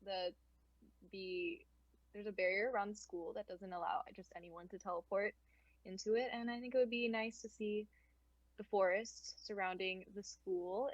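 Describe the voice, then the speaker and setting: A woman's voice: mid-range voice, dry recording, lo-fi sound, lightly acted. A woman voicing a posh, formal older male wizard teacher who talks with stiff, stammering politeness.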